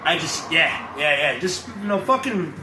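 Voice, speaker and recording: A man's voice: on the high side, animated, normal speed. A young man giving a blunt, profane, off-the-cuff rant to camera, often mocking others by putting on their voices. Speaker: vlogger. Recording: echoey, with loud ambient noise.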